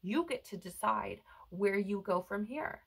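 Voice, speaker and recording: A woman's voice: mid-range voice, lively intonation, unhurried, gravelly, husky, poor audio. A woman giving a spiritual tarot reading to her viewers, earnest and reassuring, often checking in with "right?". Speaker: tarot reader. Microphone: headphones on, close mic.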